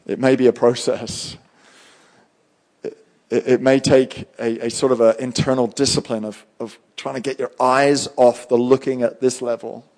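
A male pastor giving a live sermon, fervent and swinging between loud and hushed. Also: mid-range voice, level tone, normal speed.

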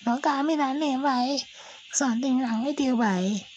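A woman's voice: high-pitched, moderate pace, darkish tone, dull audio, slight background noise, voice pushed up, natural voice. A man mimicking a Guyanese woman coworker with a Guyanese accent, scolding someone who calls her by a nickname. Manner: scolding, repeats "boy". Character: bickering Caribbean woman coworker.

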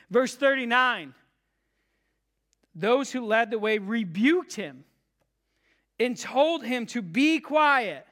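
A pastor preaching a sermon to a live congregation, emphatic and repetitive, swinging between loud cries and hushed low tones. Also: lively intonation, takes it slowly, long pauses. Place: church service with a live congregation.

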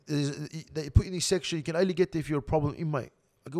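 A young Australian man telling a rough prison story in casual slang, swearing constantly. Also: on the high side, racing. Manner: swears heavily, animated slang-filled storytelling.

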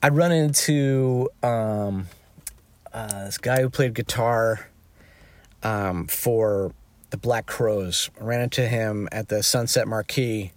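A man, a touring musician, telling an anecdote in casual chat, animated and peppered with fillers. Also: takes it slowly, no room sound. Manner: animated, jumps into high excited voices when quoting himself; peppers speech with "like" and "you know". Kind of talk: casual storytelling.

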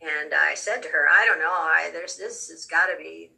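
A woman telling a personal story in a halting way, often repeating words, with real emotion, her voice a little distant from the mic. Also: low voice, gravelly, pushed and bright. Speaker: storyteller recounting a near-death experience.

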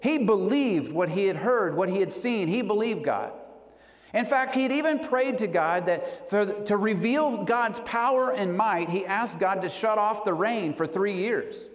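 A man preaching a sermon, telling a story earnestly and slowing down for emphasis. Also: high voice, expressive. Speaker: pastor. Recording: long hall reverb.

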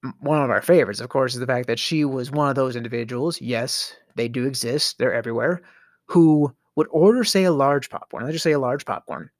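A man's voice: mid-range voice, a little fast, dry recording, studio quality. A middle-aged man hosting a podcast, telling a storytelling rant in a theatrical way, with sighs, stammers and sudden whispers. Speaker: podcast host.

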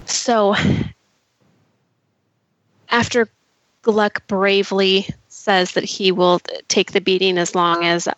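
A woman's voice: lowish voice, a bit bright, dry recording, muffled recording. A woman player talking through her moves in a tabletop role-play, hesitant with restarts. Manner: hesitant, laughing often.

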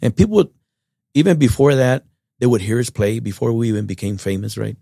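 A middle-aged man from Texas, telling stories in a relaxed, rambling way as an interview guest. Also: mid-range voice, brisk, gravelly, dry recording, clean studio sound. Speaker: guest musician. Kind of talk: casual storytelling interview.

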